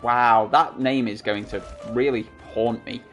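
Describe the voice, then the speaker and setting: A man's voice: medium pitch, steady tone, unhurried, a bit bright, faint music behind. A man hosting a game playthrough who talks casually, joking at his own expense, into a desktop microphone. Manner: chatty, self-mocking. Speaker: gaming channel host. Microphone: desktop USB microphone.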